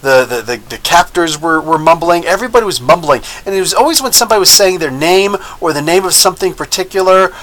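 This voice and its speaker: An American man hosting a live review show, talking in an animated, rambling way about an episode. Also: high-pitched, fast, hardly any pauses, poor audio. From United States. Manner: animated, rambling, with frequent laughs and mock voices. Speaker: host of a comic book review show.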